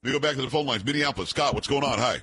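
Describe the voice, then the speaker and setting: A male talk radio host with a bright, forceful edge and a husky grain to his voice. He argues emphatically and leans on rhetorical questions, recorded close and dry in a studio. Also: medium pitch, rapid-fire, no echo. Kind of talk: talk radio monologue and call-in.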